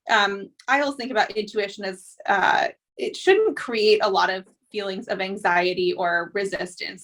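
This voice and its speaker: A woman's voice: mid-range voice, a bit bright. Thoughtful woman podcast host. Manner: reflective, thoughtful, many fillers. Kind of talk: casual conversation.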